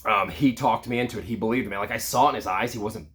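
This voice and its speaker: A man's voice: on the low side, quick pace, fairly bright tone. A man in his thirties, a real estate agent, casually telling a personal story with frequent "you know" and "like".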